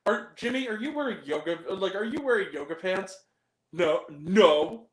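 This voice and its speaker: A man's voice: sits high, lively intonation, takes it slowly, roomy sound. A man hosting a movie review podcast, chatting casually in a rambling, profane way, full of fillers and giggles. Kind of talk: casual chat.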